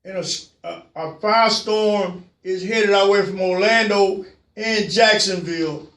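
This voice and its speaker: A talk show host delivering a passionate call-in monologue, repeating phrases and swinging from low murmurs to shouts. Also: distant mic. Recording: roomy sound, voice from away from the mic.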